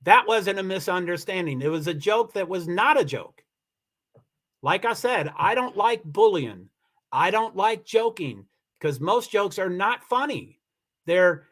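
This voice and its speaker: A man hosting his own livestream, reading viewer comments aloud in casual talk, halting with many restarts and turning firm and insistent. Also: high voice, lively intonation, fairly bright tone. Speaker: livestream host.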